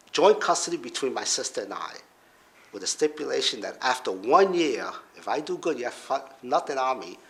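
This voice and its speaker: Man, middle-aged, lowish voice, telling his own story, restarts, trails off, pops up high for others' voices. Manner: animated, jumps up in pitch to act out others' voices; halting, with restarts and trailing off quietly. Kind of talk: casual personal storytelling.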